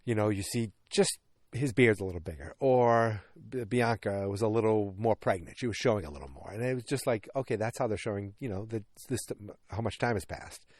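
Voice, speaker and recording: A man in his early forties recapping a movie in casual podcast chat, animated and rambling, with lots of restarts and sound effects. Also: lowish voice, fairly quick, no room sound, clean studio sound. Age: 40s. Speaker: podcast host. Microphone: podcast microphone.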